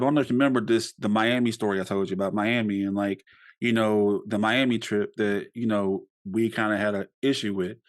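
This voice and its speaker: A young man hosting a podcast, talking casually and rambling with many fillers and restarts. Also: on the low side. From United States. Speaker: podcast host.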